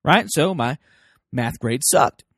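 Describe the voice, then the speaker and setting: A man hosting a casual parenting talk, folksy and animated, acting out quoted voices as he speaks. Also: medium pitch, slow pace, slightly rough, no echo, clean studio sound. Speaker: parenting podcast host.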